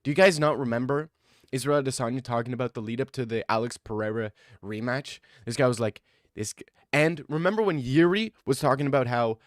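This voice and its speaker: A man chatting casually about fights, thinking out loud as he goes and often breaking into excited rants. His voice sits in an ordinary middle register. The sound is close and dry, with no room echo. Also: medium pitch, brisk. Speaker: MMA commentator. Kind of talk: casual fight-card commentary.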